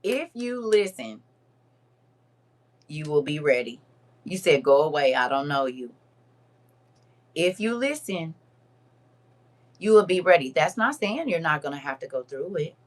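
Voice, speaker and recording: Teasing, lively woman livestream host. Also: fairly low pitch, a little slow, pauses often. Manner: lively, teasing, laughs often, reads chat aloud. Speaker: livestream host reading viewer comments. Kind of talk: casual livestream chat.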